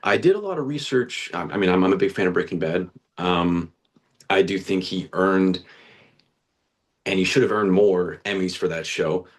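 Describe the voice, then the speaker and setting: A man's voice: low voice, animated, normal speed. A young man, a guest actor, telling his story in a casual interview, earnest and chatty, with lots of restarts and slang like "dude". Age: young adult.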